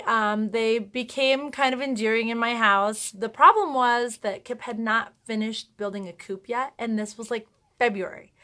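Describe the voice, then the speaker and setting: A woman vlogger with a slightly high voice tells a home story in a loose, chatty way. She laughs often and breaks in with self-mocking asides. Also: pushed and bright. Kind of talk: casual storytelling to camera.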